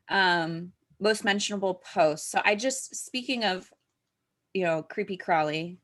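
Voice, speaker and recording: A woman's voice: on the low side, a bit bright. A woman co-hosting a moms' group update in casual chat, talking with lots of fillers and easy laughter. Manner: chatty, with filler words and frequent laughter.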